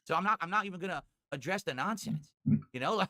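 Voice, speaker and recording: Fast, bright-voiced ranting man. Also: sits high, expressive. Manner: irritable, profane, defensive. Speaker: livestreamer. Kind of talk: livestream rant.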